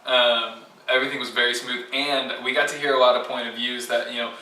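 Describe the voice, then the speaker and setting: A man's voice: mid-range voice, flat delivery, brisk, bright, forceful tone. Young man rambling in an echoey room. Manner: rambling, restarts often. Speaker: vlogger. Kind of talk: casual group chat. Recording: roomy, far from mic, faint noise.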